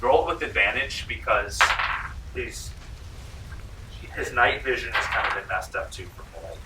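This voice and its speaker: In a library room, a man from North Carolina acts as game master for a tabletop game, talking loosely and using lots of fillers. His voice is medium in pitch at a moderate pace, and the recording, with the mic far off in the roomy space, is very noisy.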